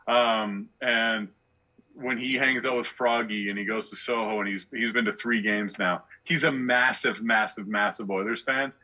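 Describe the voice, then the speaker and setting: A man's voice: on the low side, steady tone, moderate pace, sharp tone, highs cut off. A male comedian on a podcast, ranting with sarcastic rhetorical questions in casual chat. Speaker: guest comedian.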